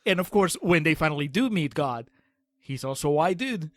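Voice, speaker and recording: Podcast co-host, male, slightly high voice, dry close mic, chatty and quick to laugh. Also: expressive, no echo. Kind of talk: casual film discussion.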